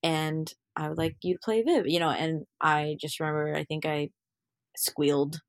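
Low-voiced young woman, chatty and candid. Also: steady tone, moderate pace, no echo, clean studio sound. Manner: chatty, full of fillers, acts out quotes. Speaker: actor and musician, guest. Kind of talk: casual interview chat.

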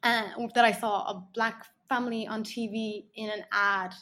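A woman in her thirties, chatting casually on a podcast and telling animated stories full of fillers and restarts. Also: on the high side, a little slow. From Ireland.

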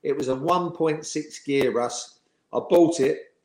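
A man, a former professional footballer, telling lively anecdotes in an interview and laughing along. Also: on the high side, a little slow. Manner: chatty storyteller, laughs while telling. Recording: roomy echo.

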